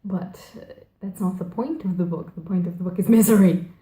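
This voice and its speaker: A woman's voice: lowish voice, fairly quick, dark tone. Rambling young woman in an echoey room. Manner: rambling, gushing, self-correcting, frequent fillers. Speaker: book vlogger. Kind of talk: casual chat.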